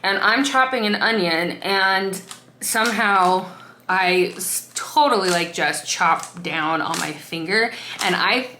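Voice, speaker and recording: A woman's voice: medium pitch, takes it slowly, sharp tone. A woman vlogger chatting casually and telling stories with lots of fillers. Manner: chatty storytelling with laughs and fillers. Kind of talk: casual chat. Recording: echoey room, faint noise.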